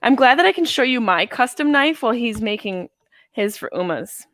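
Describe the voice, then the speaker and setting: In a slightly high, expressive, fairly bright voice at normal speed, a woman in her thirties hosts a movie watch-along livestream from home. She's stoned, rambling, and joking crudely in casual chat, and there's no room sound.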